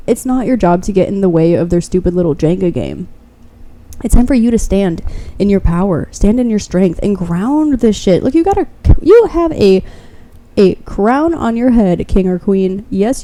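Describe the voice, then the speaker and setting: A woman's voice: medium pitch, mellow. A woman giving a pick-a-card tarot reading straight to the viewer. She is blunt and fervent, swears freely, and keeps encouraging the listener.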